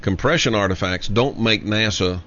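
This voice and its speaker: Male show host, emphatic monologue, deliberate repetition, muffled lo-fi sound. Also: on the low side, a bit bright, a little hiss or hum. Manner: emphatic, repeats key lines slowly for effect. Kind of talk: monologue commentary. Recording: dull lo-fi audio.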